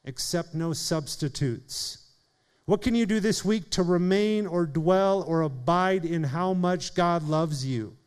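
A man preaching a sermon in an earnest way, speeding up and slowing down for emphasis and calling on listeners by name. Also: a little high, clean tone. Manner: earnest preaching, shifting pace and volume for emphasis. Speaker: pastor.

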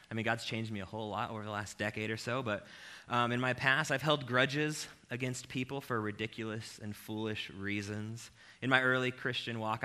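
Man, preacher, bright clear voice, casual joking sermon, self-deprecating. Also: medium pitch. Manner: animated, self-deprecating, addresses the crowd directly. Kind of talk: humorous conversational sermon.

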